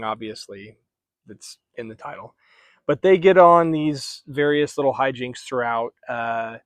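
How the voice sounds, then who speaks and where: A man's voice: medium pitch, no echo. A man giving a casual, rambling book review, often correcting himself as he goes. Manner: chatty, rambling, self-correcting.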